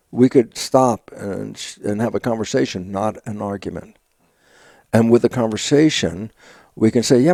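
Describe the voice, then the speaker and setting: Older man, gravelly, animated storyteller. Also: mid-range voice, no room sound. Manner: acts out his own inner dialogue in quoted exchanges, laughing often. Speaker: guest, stem cell biologist. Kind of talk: animated storytelling interview talk.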